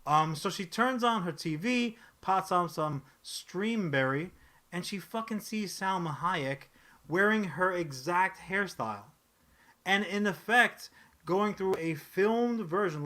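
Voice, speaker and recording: A man co-hosting a casual pop-culture podcast, animated and profane, rambling with frequent restarts. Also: high-pitched. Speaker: podcast co-host.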